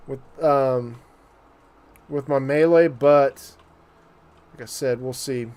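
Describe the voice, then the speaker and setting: This man's voice is a little high and a little mellow as he streams a strategy game. He keeps the commentary loose and jokey, with lots of fillers and remarks aimed at his audience.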